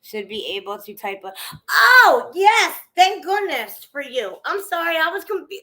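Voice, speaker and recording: A chatty woman hosts a casual livestream from home, talking loosely to her viewers with the odd curse. Her voice is bright and a touch high. The room around her sounds echoey. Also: very animated, moderate pace. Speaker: livestream host. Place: at home indoors.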